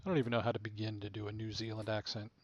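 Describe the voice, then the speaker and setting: A man's voice: on the low side, flat delivery, very fast, muffled recording. A man talking casually to himself while playing a video game, laid-back and muttering. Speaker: game streamer. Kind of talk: casual gameplay commentary.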